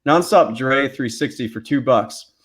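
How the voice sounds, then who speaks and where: A man's voice: mid-range voice, a little slow, a bit bright, breathy edge. Matter-of-fact male podcast co-host. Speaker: podcast co-host reading donations. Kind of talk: casual chat.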